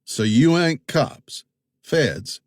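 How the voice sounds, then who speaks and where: A man's voice: medium pitch, animated, extremely slow, no room sound, studio quality, voice pushed up. A man putting on a drawling backwoods gunman. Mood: menacing. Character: menacing backwoods male boatman with a shotgun.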